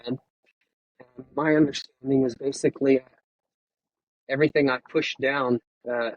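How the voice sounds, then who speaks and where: In a muffled recording, a retired firefighter in his fifties talks openly and with emotion during a video-call interview. His mid-range voice keeps fairly even intonation as he pauses haltingly and starts over.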